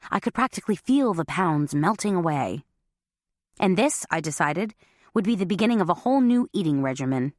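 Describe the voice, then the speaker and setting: A woman's voice: on the low side, animated, a little fast, a little mellow, dry recording, studio quality. Wry woman narrating an audiobook. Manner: wry, self-mocking. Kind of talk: first-person audiobook narration.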